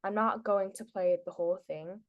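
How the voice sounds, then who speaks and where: A woman's voice: medium pitch, normal speed, dull audio. A teenage girl presenting public speaking tips to a class in a casual, chatty way, with lots of filler words. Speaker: student presenter.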